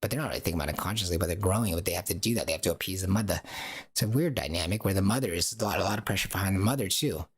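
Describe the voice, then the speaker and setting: A man's voice: low voice, rapid-fire, slightly rough. A man talking alone on a livestream, rambling and asking rhetorical questions. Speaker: streamer. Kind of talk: casual livestream monologue.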